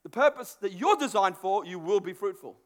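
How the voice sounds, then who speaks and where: Male preacher, very high voice, lively delivery, repeats himself, sermon setting. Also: a little fast. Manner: animated, acts out inner thoughts, repeats words.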